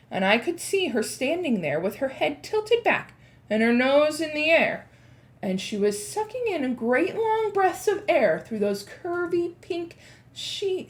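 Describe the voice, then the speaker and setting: Woman, read-aloud storyteller, high voice, very lively pitch, quizzes young listeners. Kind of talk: reading a chapter book aloud to children.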